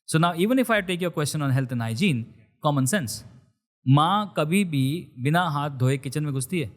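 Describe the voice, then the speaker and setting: A man's voice: a little high, very fast. A middle-aged man with an Indian accent, mixing Hindi and English as he tells a story in an interview. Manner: animated, mixes Hindi and English. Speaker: chef and restaurant founder. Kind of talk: conversational storytelling.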